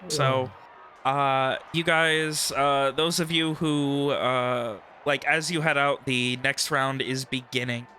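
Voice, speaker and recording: A man's voice: mid-range voice, fairly even intonation, slow, sharp tone, a little hiss or hum. A man running a tabletop game, speaking hesitantly with many fillers.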